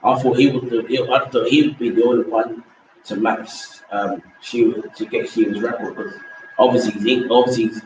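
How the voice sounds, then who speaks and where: A man's voice: medium pitch, level tone, brisk, darkish tone, slight background noise. Man, casual football rant, repetitive, slangy, distant mic, roomy echo. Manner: rambling, repeats himself, slangy and dismissive. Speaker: host. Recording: echoey room from far off mic.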